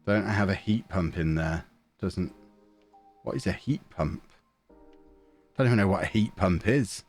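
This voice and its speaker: Talking right up against a desk mic in his small home office, a young gamer rambles casually to his stream viewers while he plays. He speaks low and at a measured pace as faint music plays behind him.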